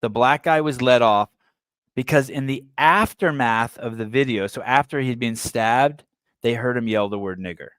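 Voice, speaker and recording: A man's voice: medium pitch, moderate pace, fairly bright tone, clean tone. A man raised in the San Francisco Bay Area hosts a podcast in a mid-range voice, recorded dry with no room echo. He reads a news story aloud and keeps breaking off into blunt, irreverent commentary. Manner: blunt, provocative, irreverent asides. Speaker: podcast host. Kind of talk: news commentary, reading an article aloud with asides.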